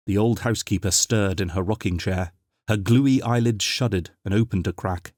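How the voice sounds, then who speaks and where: A man narrating an audiobook in a measured, dramatic storytelling manner. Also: fairly low pitch, a little mellow, no echo, clean studio sound.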